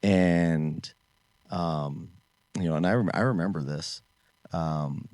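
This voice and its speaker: Deep-voiced man telling a story. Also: slow pace, no echo. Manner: animated storyteller, acts out quoted voices. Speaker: podcast co-host, martial arts instructor. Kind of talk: casual storytelling chat.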